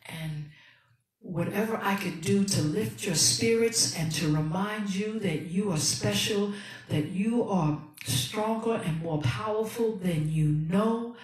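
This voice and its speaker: A woman's voice: medium pitch, slow pace. A woman pastor hosting a livestreamed sermon, soulful and encouraging, calling out to her viewers in street-slang church talk. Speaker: pastor and host of a livestream ministry. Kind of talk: livestreamed sermon and music ministry. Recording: echoey room, voice from a distance, music playing. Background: music playing.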